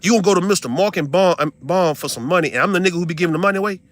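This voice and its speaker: A young man, ranting to his stream audience in a heated, profane, incredulous way, swinging from loud outbursts to low mutters. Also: rapid-fire. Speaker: livestreamer venting to his audience. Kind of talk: heated casual rant.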